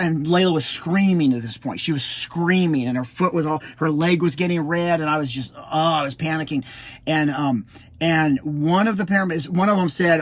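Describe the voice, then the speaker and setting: A middle-aged man telling a personal story as a parent, halting and full of restarts, acting out the quotes. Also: on the high side. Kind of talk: casual spoken storytelling.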